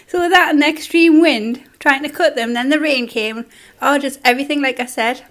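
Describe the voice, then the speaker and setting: A young woman with a Geordie accent chats over a meal, laughing often and talking between bites. Her voice sits a little higher than most. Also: steady tone, normal speed. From Newcastle, England. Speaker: eating-show vlogger. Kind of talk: casual chat while eating.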